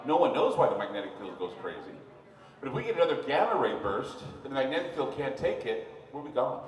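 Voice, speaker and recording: A man, a radio talk host, speaking live to a bar audience as an animated, rambling storyteller with mocking asides. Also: mid-range voice. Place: sports bar, live event. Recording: roomy, far-off live room sound with faint noise.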